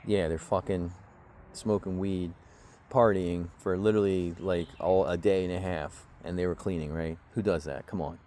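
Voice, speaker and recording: A man's voice: low voice, steady tone, moderate pace, dark tone, slight background noise. Blunt, swearing man ranting outdoors. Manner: aggrieved, blunt, swears often. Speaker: vlogger. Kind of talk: casual storytelling rant. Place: outdoors in the woods.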